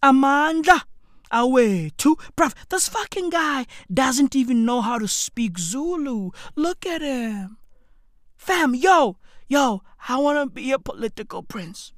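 A woman delivering a brash, slang-filled comedic rant with shouted bursts. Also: high voice, animated, slow, no echo, clean studio sound. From South Africa.

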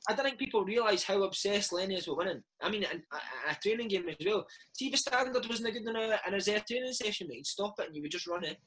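A Scottish man in his thirties, a former footballer telling animated stories in a casual interview chat, dropping "mate" into every other line. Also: high-pitched, quick pace, rough recording. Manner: animated storytelling, peppered with "mate". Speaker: former footballer and podcast host, interview guest.

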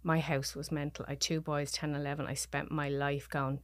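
A middle-aged Irish woman speaks in a low, dry-sounding voice, recounting a personal story as a podcast guest. She talks in halting, emotional bursts with restarts. The recording is close and dry. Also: flat delivery, no room sound. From Dublin, Ireland.

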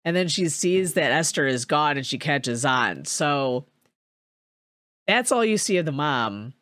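A young woman tells a movie plot in loose, profane chat, lots of "like" between phrases. Her voice sits a little low and she takes her time. The sound is close and dry, with no room around it. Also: a little slow, no room sound. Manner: profane, filler-heavy storytelling with animated quoted voices. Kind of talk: casual movie recap chat.

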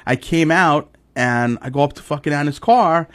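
A middle-aged man, hosting a casual podcast and telling stories in an animated, profane way. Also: a little high, normal speed, no room sound. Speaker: podcast host. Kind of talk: casual chat.

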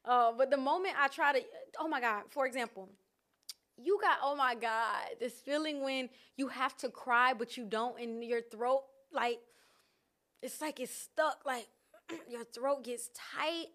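A woman vlogger talking candidly and casually about her feelings, animated and laughing often. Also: high-pitched, measured pace. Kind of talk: casual reflective chat. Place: outdoors in nature.

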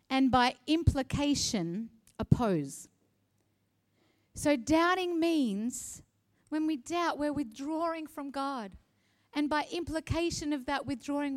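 A woman pastor preaching a sermon to her church, emphatic and building to loud, impassioned peaks. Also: high voice.

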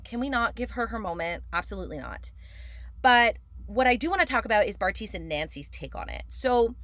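Chatty woman podcaster, lively dry voice. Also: no echo. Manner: chatty and animated, swinging high for emphasis, frequent "like" fillers. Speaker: podcast host. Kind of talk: casual reality-TV recap podcast.

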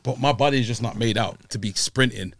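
A man's voice: medium pitch, quick pace. A young man, chatting casually as a guest and telling stories in laid-back slang. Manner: laughing, animated storytelling with street slang. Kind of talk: casual chat.

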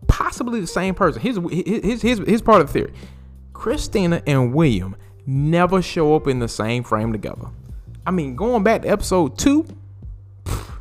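Animated, cursing man recapping a TV show. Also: on the high side. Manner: profane, rambling, frequent fillers and restarts. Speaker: podcast host. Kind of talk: casual TV recap. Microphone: podcast mic.

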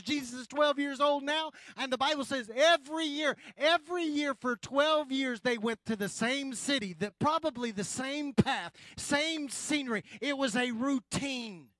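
A male pastor preaching a sermon, addressing the congregation directly and swinging from loud emphasis to quiet, slow lines. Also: very high-pitched, dry recording.

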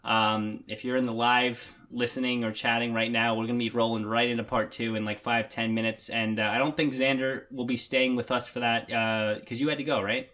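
Young man, podcast host, mid pitch, laid-back, filler-heavy. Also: level tone, a little fast, hardly any pauses, pushed and bright. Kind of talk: casual chat.

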